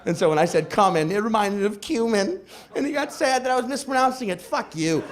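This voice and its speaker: A young man telling a stand-up comedy story, animated and acting out characters with shouted outbursts, recorded live with a laughing audience. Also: high-pitched, fast talker. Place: comedy club stage. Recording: live club with crowd laughter.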